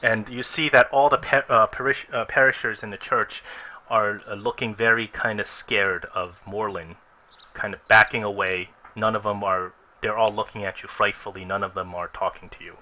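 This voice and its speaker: A man as game master, narrating a tabletop game in a descriptive way with frequent pauses. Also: lowish voice, steady tone, bright, forceful tone, a little hiss or hum. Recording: lo-fi recording with faint music.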